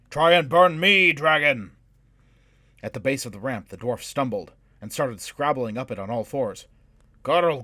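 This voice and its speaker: A man narrates a fantasy adventure in a measured, dramatic storytelling voice. His voice sits fairly low. The recording is close and dry, with no room sound. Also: husky, no room sound. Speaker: audiobook narrator. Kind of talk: scripted narration.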